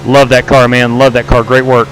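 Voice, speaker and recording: A man's voice: mid-range voice, flat delivery, normal speed, a little hiss or hum. A man streaming a sim race live, chatting casually and greeting viewers by name as he drives. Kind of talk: live stream commentary while racing.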